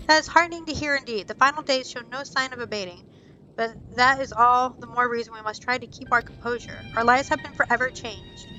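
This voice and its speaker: Solemn, wise village elder, bright voice, read aloud by a woman. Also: fairly high pitch, soft background music, rough recording. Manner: reading game dialogue aloud, measured.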